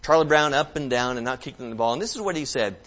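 A man preaching a sermon, swinging from loud impassioned climbs to hushed, soft passages. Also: mid-range voice, expressive, fast.

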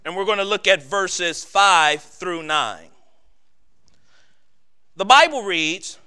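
High-voiced preacher building to climaxes. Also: male voice, expressive, clean tone. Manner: builds with repetition, slowing and getting louder at climaxes. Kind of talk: sermon.

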